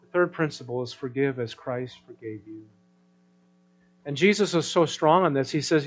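A man preaching a sermon in a conversational way, checking in with the congregation through rhetorical questions and swinging between loud emphasis and soft asides. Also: mid-range voice, expressive, normal speed, low-quality recording. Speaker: pastor.

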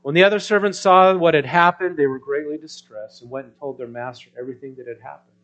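A man delivering a sermon with a somewhat high-pitched voice. He preaches in a chatty, animated way, tossing out rhetorical questions. He alternates between loud, emphatic bursts and quiet asides. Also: fast talker, dull audio. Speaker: pastor.

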